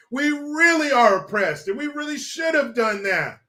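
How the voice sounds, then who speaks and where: A man's voice: very high voice, sing-song, unhurried, few pauses, pushed and bright. A man hosting a casual livestream, reading chat and ranting with lots of profanity and laughter. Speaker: live stream host.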